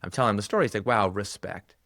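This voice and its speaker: Low gravelly male guest, animated storyteller, dry close sound. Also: no echo. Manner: animated, acts out quoted dialogue with quick pitch jumps. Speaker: guest author. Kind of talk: conversational storytelling.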